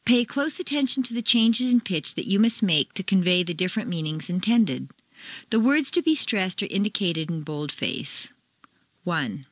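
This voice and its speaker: An American woman reading a scripted pronunciation lesson, demonstrating intonation with clear, deliberate examples. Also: on the low side, very animated, dry recording. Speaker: pronunciation teacher. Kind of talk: scripted instructional narration.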